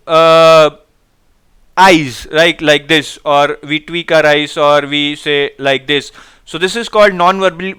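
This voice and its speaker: A man's voice: high-pitched, bright, forceful tone, clean tone. A man teaching a live online exam-prep class, reading out viewers' answers and energetically urging them to respond.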